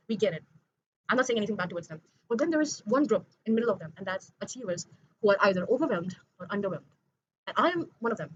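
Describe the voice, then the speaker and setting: Brief: young woman, quick rambling confessional vlog delivery, self-correcting, dull lo-fi home recording with faint noise. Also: mid-range voice. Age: young adult. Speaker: vlogger. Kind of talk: late-night confessional monologue.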